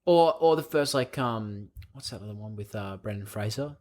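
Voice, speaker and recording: A man's voice: fairly low pitch, animated, normal speed, a little mellow. A man co-hosting a podcast, chatting casually about a film, rambling and swearing often with bursts of laughter. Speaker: podcast co-host. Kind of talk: casual film review chat.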